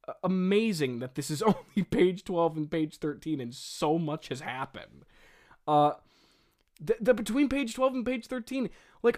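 A young man giving comedic commentary on his old script, incredulous, laughing and rambling. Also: a little high. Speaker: host.

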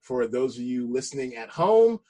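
A man's voice: mid-range voice, sing-song, normal speed, warm tone. A man from the United States co-hosting a film podcast in casual, chatty talk with frequent restarts. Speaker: podcast co-host.

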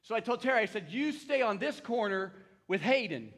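An older male pastor delivers a sermon in a high-pitched voice. He tells a story and asks his congregation to answer him back. His tone is bright and sharp. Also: very animated, fairly quick.

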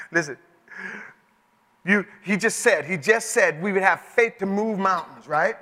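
Guy pastor preaching, high bright voice, chatty stories that get real emotional, big echoey church. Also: measured pace. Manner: animated, conversational storytelling, rising to emotional shouts. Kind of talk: sermon. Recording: echoey hall with long reverb.

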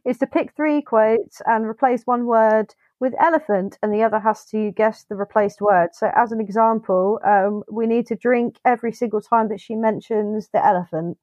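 A woman's voice: a little high, fairly even intonation, normal speed, hardly any pauses, a little mellow, dry recording, dull audio. Giggly British woman podcaster, dry sound. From United Kingdom. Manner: giggly, playful and jokey. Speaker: podcast co-host. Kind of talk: casual podcast chat.

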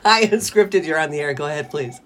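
A woman's voice: sits low, expressive, fairly quick, fairly bright tone, a little hiss or hum. A middle-aged woman hosting a radio call-in show, chatty and rambling, laughing often. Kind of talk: casual radio chat. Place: radio studio.

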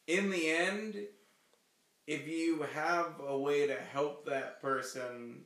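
A man's voice: a little high, steady tone, slow, a bit bright, reverberant. A man co-hosting a casual chat podcast, making laid-back remarks. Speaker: podcast co-host.

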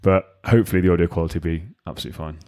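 A man's voice: low-pitched, fairly even intonation, racing, darkish tone. A young man hosting a podcast in casual chat, chatty and rambling with lots of fillers and restarts. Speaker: podcast host.

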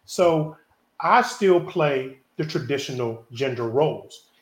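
A man's voice: mid-range voice, lively intonation, slow, reverberant. A man in his forties hosting a casual group chat about relationships, emphatic and preachy, acting out quoted dialogue as he makes his point. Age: 40s. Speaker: podcast host.

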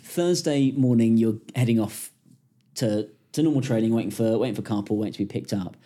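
A man's voice: lowish voice, a little fast, dark tone. A man hosting a podcast, asking curious, enthusiastic follow-up questions in a conversational interview. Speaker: podcast host.

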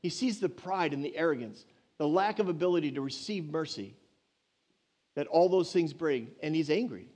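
A man preaching a sermon in an animated, emphatic way that surges loud with passion. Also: on the high side, moderate pace.

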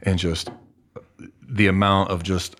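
A fairly low-voiced man chatting with a fellow veteran. He is relaxed and easygoing, with short agreeing replies and a few memories of his own service. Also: slow pace. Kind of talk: casual chat.

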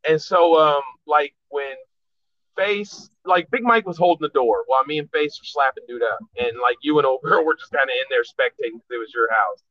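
Guy rambling through a cursing story on a podcast, kinda high voice, dry muffled audio. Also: fairly quick, dry recording. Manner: loose, profane, rambling storyteller. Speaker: podcast guest. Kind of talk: casual storytelling chat. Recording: dull lo-fi dry sound.

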